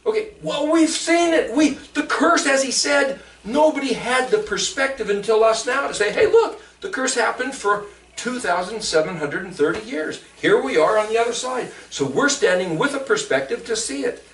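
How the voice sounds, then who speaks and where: A man in his fifties teaching scripture to a group, animated, lifting his voice high on questions. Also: normal speed. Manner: rises to high excited pitch on questions. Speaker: Bible teacher. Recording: roomy sound from far off.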